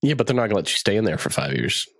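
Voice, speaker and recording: A man's voice: lowish voice, big pitch swings, rapid-fire, fairly bright tone, husky, no echo. A young man co-hosting a podcast in casual chat, laid-back and rambling, sometimes dropping into silly voices. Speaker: podcast co-host.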